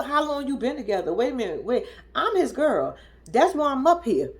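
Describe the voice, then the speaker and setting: A young adult woman giving casual, profane reaction commentary on a TV episode, incredulous and animated, often mimicking people in high squeals. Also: moderate pace. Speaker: reality TV commentator.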